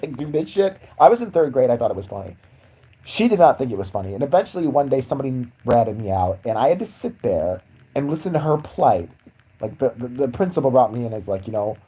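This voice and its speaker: Husky-voiced man ranting crudely. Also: mid-range voice, warm tone, poor audio. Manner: profane, sarcastic, mocking. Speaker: podcast host. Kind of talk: crude comedic rant.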